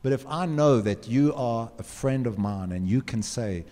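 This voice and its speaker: A man's voice: mid-range voice, lively intonation, moderate pace, hardly any pauses, warm tone. A man gives an earnest motivational talk to students, asking them direct questions. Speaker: speaker addressing students. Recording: long hall reverb.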